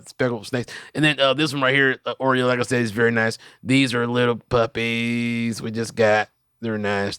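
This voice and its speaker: A man's voice: medium pitch, pushed and bright, clean tone, no echo, clean studio sound, natural voice. A man doing a comic voice-over as a rambling male snake breeder who stumbles over his words with many fillers. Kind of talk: comedic voice-over dubbing a video.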